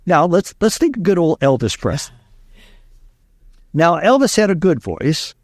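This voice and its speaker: A man's voice: fairly high pitch, big pitch swings, measured pace, no echo, studio quality. A man from Louisiana, a speaking coach telling stories in an interview, emphatic and repeating key lines. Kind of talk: interview storytelling.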